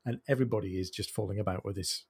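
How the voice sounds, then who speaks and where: A man's voice: lowish voice, very fast, slightly rough. A man hosting a podcast, chatting about a novel's humour and now and then reading lines. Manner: animated, reads quoted lines in put-on accents. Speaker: podcast host. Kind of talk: conversational book discussion.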